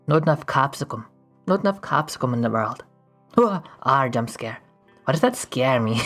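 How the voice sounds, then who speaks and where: A woman's voice: a bass voice, expressive, moderate pace, faint music behind. A woman streaming while she draws, chatting casually with viewers in a playful, goofy way and often laughing. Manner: playful and goofy, breaks into laughs and silly voices. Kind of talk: casual livestream chat while drawing.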